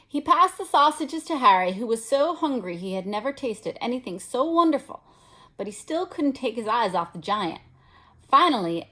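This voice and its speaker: A woman teacher reading a novel aloud to students, expressive and stopping now and then to explain. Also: lowish voice. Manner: expressive, pauses to explain to listeners.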